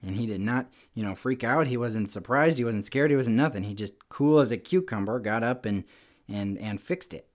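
A man's voice: mid-range voice, moderate pace. A man hosting a children's segment, telling rambling stories in a chatty way with lots of "like" and "you know".

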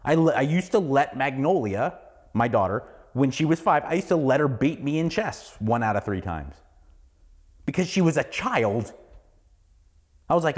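Heated, profane man ranting, lively pitch. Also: moderate pace. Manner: heated, profane, repeats words when worked up. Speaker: podcast host. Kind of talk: ranting solo podcast monologue.

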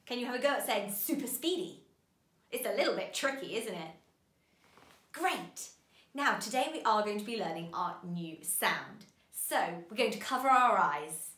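Lively woman teaching phonics to kids. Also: medium pitch, roomy sound. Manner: animated and encouraging, stretches sounds slowly. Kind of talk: children's phonics lesson.

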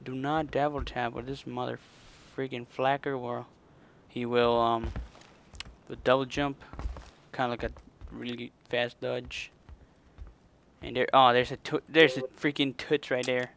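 A man's voice: medium pitch, flat delivery, unhurried, creaky, fairly bright tone, a little hiss or hum. A man commenting on his own gameplay, muttering and cursing at the game in frustration. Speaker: gaming channel host. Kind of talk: let's play commentary.

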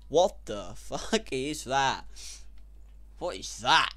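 A young man giving casual, sarcastic gameplay commentary, swearing and breaking into sudden loud outbursts. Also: medium pitch, expressive, a little slow, faint music behind. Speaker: gaming YouTuber.

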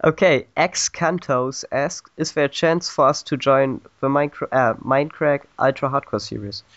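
A man's voice: mid-range voice, moderate pace, a bit bright, no room sound. A man in a mid-range voice hosts an online interview, reading questions aloud and laughing along between them. The sound is dry, with a muffled lo-fi call quality. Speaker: interviewer, host.

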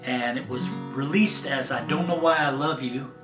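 A man's voice: medium pitch, over loud music. Man, song-of-the-day host, folksy casual chat, roomy echo. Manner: slow, relaxed, folksy talk with fillers. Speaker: host of a daily song show.

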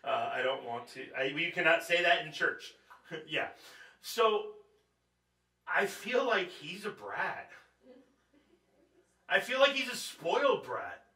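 A man's voice: a little high, very animated, slow, pauses often, bright, forceful tone. A man preaching at a Bible study in a conversational, joking way, asking his audience questions as he goes. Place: church. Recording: echoey room, distant mic.

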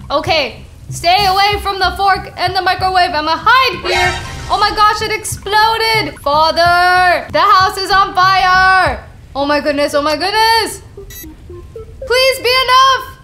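Excitable high-voiced woman gaming. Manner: excitable, exclamatory, giggly. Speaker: gaming channel host. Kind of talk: gaming commentary.

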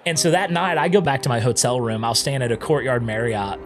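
A man's voice: medium pitch, fast talker. A man telling his story over music. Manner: animated storyteller, often acting out his own past words. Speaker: podcast guest. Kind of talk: casual storytelling interview.

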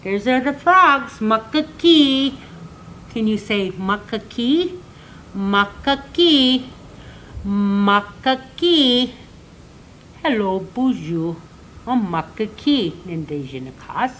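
An older woman, an elder teacher, giving a slow, gentle lesson for children, counting and singing and repeating words for learners to say back. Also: on the high side, big pitch swings, slight background noise, rough recording.

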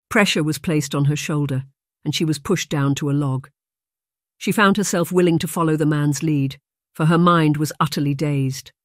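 A measured audiobook narrator reading a historical romance at a middle pitch. The read is close and dry, with no room sound. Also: fairly even intonation, dry recording.

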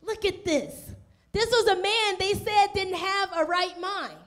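Woman pastor preaching, pretty high voice, punchy and chatty, keeps asking the room questions. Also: measured pace, fairly bright tone. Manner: emphatic preaching with call-and-response questions; conversational, slips into casual folksy speech. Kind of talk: sermon. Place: church, also streamed online.

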